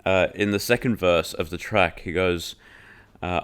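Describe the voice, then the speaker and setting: A man with a very low voice hosts a podcast and reviews an album in relaxed chat. He jokes around, swears freely and fills his sentences with "like". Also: measured pace, clear, resonant tone. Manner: loose and joking, heavy filler "like", swears freely. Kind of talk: casual chat.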